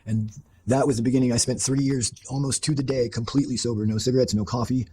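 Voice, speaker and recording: A man's voice: mid-range voice, steady tone, fast, mellow, slight background noise, rough recording. A man telling his life story in an interview, blunt and profane, rambling with fillers and restarted sentences. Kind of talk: candid personal storytelling.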